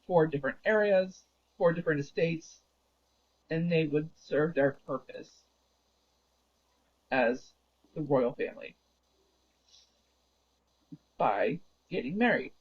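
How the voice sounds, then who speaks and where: A man's voice, a little high, slightly rough and darkish in tone, comes through a dull lo-fi recording. He's a livestreamer recounting a story casually as he games, rambling along and often fixing his wording mid-sentence.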